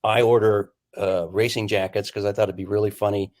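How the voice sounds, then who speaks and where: Male painter guest, lowish voice, chatty and animated anecdote teller. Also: a little fast. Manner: animated storyteller who acts out quoted lines. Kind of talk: casual storytelling chat.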